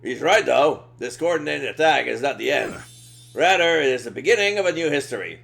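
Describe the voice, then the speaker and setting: A man streaming a game, reading its dialogue aloud with lively, emphatic line delivery. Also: a little high, brisk, vocal fry, soft background music.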